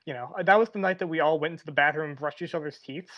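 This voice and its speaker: A man's voice: on the high side, very fast. A young man, a podcast host, telling a story animatedly and swearing often. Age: young adult. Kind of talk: casual storytelling chat. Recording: dull lo-fi audio.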